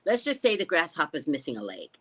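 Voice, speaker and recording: A woman with a low voice talks fast while hosting a casual live stream from home. She tells stories sarcastically and animatedly, swears often and reads viewer comments aloud.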